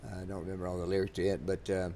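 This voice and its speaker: Older man, low voice, rambling interview anecdotes, faint rumble behind. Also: completely flat delivery, very fast, dark tone. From Louisiana, USA. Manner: rambling, many fillers and restarts. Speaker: interviewee, country singer. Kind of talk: storytelling in an interview.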